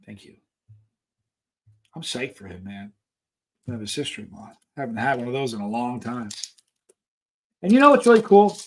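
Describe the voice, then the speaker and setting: A man's voice: mid-range voice, sing-song, fairly quick, long pauses. A man hosting a live stream, chatting casually with viewers, reading their messages and telling rambling stories. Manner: rambling storyteller, reads chat aloud.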